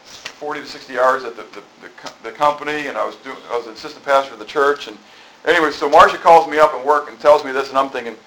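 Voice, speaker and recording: A man's voice: medium pitch, quick pace, a bit bright, a little hiss or hum, rough recording. A middle-aged man preaching a sermon in a conversational, rambling way, full of asides. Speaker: pastor. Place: church.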